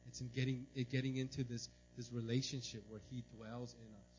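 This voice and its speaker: A man preaching a sermon in a church, telling a personal story in an animated way and often asking "right?". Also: medium pitch, a little fast, music in the background. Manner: animated, tells stories, repeats "right?". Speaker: pastor. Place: church service. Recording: dull lo-fi recording.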